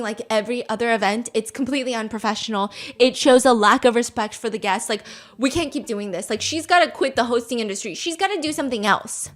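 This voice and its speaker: A woman hosting a gossip podcast, her voice sitting a little higher than most. She tells the story casually and animatedly, breaking into laughter and acting out the quotes as she goes. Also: fairly bright tone. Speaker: podcast host.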